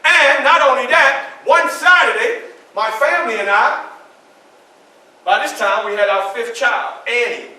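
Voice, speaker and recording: A male historical reenactor portrays Frederick Douglass, the proud orator and statesman, in a full character voice, animatedly telling his story in the first person and speaking straight to the audience. His voice is high and bright. Recorded indoors in a library event room, it sounds distant, very reverberant and has a faint hiss.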